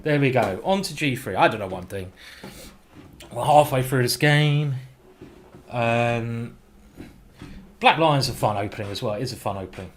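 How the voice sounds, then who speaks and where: Male chess streamer, chatty self-talk, mid pitch, a little sweary. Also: lively intonation, normal speed, long pauses, slight background noise. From England. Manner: chatty, thinking aloud, mildly sweary. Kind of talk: live game commentary.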